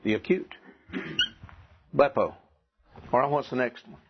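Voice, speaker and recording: A man's voice: mid-range voice, a little slow, highs cut off. A man teaching Greek grammar to a class, patiently repeating the rules and asking the students questions. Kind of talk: classroom lecture.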